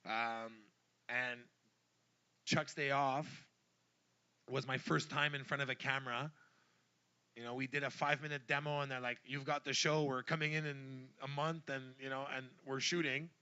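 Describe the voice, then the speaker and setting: Chatty, bright-toned man rambling on stage. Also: medium pitch, normal speed, smooth, muffled recording. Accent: Montreal English. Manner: rambling, animated storyteller with many fillers. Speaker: celebrity chef guest. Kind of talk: casual stage chat. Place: live event on stage before an audience.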